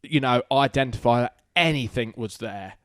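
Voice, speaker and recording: A man chatting on a podcast, joking and telling stories from the tattoo shop. His pitch is mid-range and the sound is dry and close-miked, with no room around it. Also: a bit bright, no echo. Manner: joking storyteller, quick banter. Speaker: tattoo artist, podcast co-host. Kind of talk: casual podcast chat. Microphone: podcast microphone.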